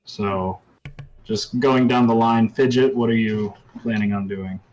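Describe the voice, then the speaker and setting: A man running a tabletop role-playing game as game master, talking in a relaxed way with many ums and uhs. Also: lowish voice, a little slow, lo-fi sound, slight background noise.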